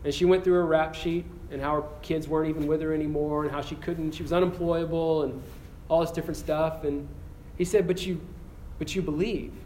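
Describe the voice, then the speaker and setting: A man preaching to students in an earnest storytelling manner, his voice sitting a little high. He stumbles and restarts often, then slows into a hushed prayer. The room is echoey with a faint hum of ambience. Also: level tone. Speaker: campus pastor. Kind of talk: sermon ending in prayer.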